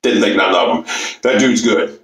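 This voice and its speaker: A man's voice: lowish voice, normal speed. A man and YouTuber ranting about football to his camera, profane, boastful and repetitive. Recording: echoey room.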